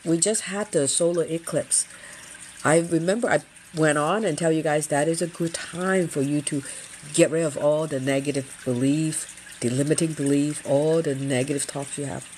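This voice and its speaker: A woman's voice: deep voice, a little mellow, slight background noise. Earnest chatty woman hosting a livestream. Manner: earnest, chatty, repeats phrases. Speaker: feng shui livestream host. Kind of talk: casual livestream talk.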